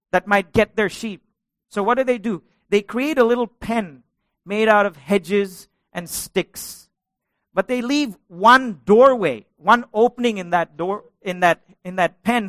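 Male pastor, sermon, high voice, dry close recording, questions to the congregation. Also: a bit bright, no echo. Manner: preaching with rising intensity and questions to the congregation.

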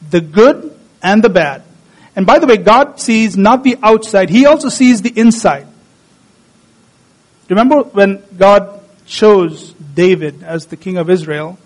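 A man preaching a sermon, slowing down and repeating phrases to stress key words. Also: high voice, low-quality recording.

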